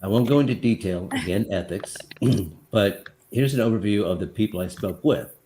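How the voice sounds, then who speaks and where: Man, podcast host, fairly low voice, reads his own story, laughs a lot. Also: moderate pace, mellow, a little hiss or hum. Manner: laughs often while telling the story. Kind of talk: reading a written story aloud between chat.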